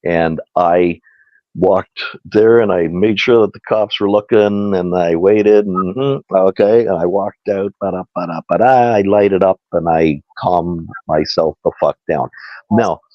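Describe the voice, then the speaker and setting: A man telling a story as a radio guest, in a casual, animated way and with frequent laughs. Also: deep voice, unhurried, dry recording. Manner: animated, chatty, laughs often. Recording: dull lo-fi dry sound.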